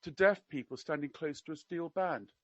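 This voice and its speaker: Wry, measured man with slight RP. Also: a little high, no room sound, highs cut off. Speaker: podcast regular. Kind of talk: reading a prepared commentary.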